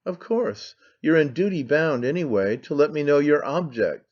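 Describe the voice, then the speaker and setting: A man reading an audiobook voices a cold, aloof aristocrat who speaks in a reserved, measured way. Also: fairly high pitch, animated, darkish tone. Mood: irritated. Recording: slightly dull lo-fi sound.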